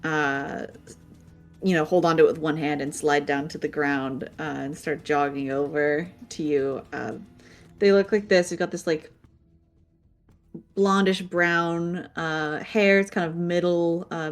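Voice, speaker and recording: A woman narrating a tabletop game as game master, halting with fillers and frequent laughs. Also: sits low, steady tone, faint music behind. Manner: halting, many fillers, giggly.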